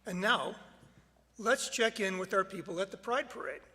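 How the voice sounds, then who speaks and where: High bright man in a reverberant sanctuary. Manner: measured, deliberate reading. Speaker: worship leader. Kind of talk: reading at a worship service.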